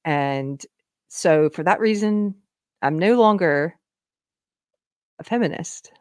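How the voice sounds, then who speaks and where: Low, dry-sounding woman host, casual and chatty live commentary. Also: lively intonation, takes it slowly, darkish tone, no echo. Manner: chatty, laughs often, talks to viewers. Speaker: livestream host.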